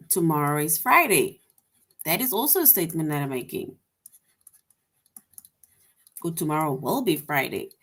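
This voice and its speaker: A woman teaches a class of young children, her voice sitting a little low. She explains patiently, says each point more than once and keeps checking with "right?". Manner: patient and repetitive, often adds "right?". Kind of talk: online grammar lesson for young children.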